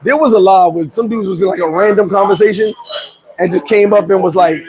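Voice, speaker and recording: Male vlogger, high pitch, animated and joking rant, street crowd audible behind. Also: brisk, rough recording. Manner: animated, joking, swears freely. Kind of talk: casual rant to camera.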